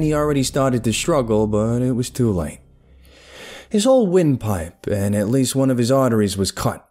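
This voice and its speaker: A man narrating a dark first-person crime horror story in a casual, streetwise way. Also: mid-range voice.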